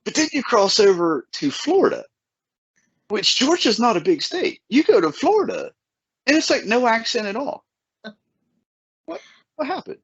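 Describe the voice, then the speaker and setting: A man with an Appalachian accent chats casually as a host, stumbling over restarts before his thoughts land. His pitch swings widely and the audio is dull and lo-fi, with a dry, close sound. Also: big pitch swings, moderate pace, pauses often, fairly bright tone, slightly rough, no room sound. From Southern Ohio, USA. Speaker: podcast host. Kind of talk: casual chat.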